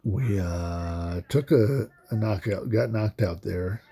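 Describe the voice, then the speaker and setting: A man commentating on a card game in a halting, soft-spoken way, with many pauses and fillers. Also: lowish voice, vocal fry, breathy edge, soft background music. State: emotional, voice breaking. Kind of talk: casual gameplay commentary.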